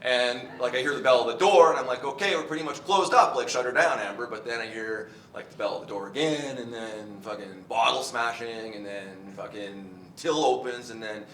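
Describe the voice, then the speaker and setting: A young actor playing a crude, brash store clerk, telling a rambling, profane story with chuckles on a stage. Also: male voice, moderate pace, few pauses, fairly bright tone, lightly acted. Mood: swaggering. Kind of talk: theatre monologue. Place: theatre stage. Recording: roomy stage audio from a distance, faint rumble.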